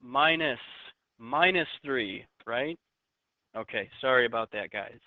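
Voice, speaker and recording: A man's voice: mid-range voice, animated, takes it slowly, no room sound. A chatty man teaching a math lesson, tossing in jokey asides to his students as he works. The sound is thin and phone-like, and the recording is dry and close with no room sound.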